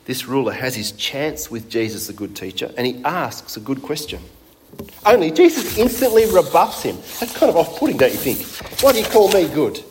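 A man's voice: mid-range voice, very animated, normal speed, darkish tone, slight background noise. A man preaching a sermon in a conversational way, putting rhetorical questions to his congregation.

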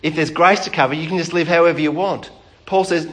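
New male pastor, higher-pitched, conversational sermon delivery with restarts. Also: fairly even intonation, fast talker, a bit bright. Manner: conversational, chats with the congregation, frequent restarts. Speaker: preacher. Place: church.

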